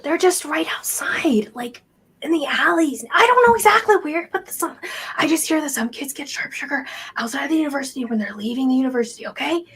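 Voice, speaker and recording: A woman's voice: high-pitched, animated, a little fast, a bit bright. A woman voicing a nervous young male street kid who mumbles and gets defensive.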